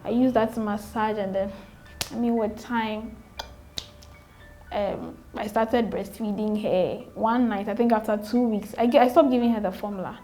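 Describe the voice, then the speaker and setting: A woman's voice: mid-range voice, fairly even intonation, moderate pace, mellow, soft background music. A young adult woman with a Ghanaian accent, a guest telling her own story earnestly, repeating phrases and acting out remembered exchanges. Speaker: interview guest, new mother. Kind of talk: candid personal storytelling.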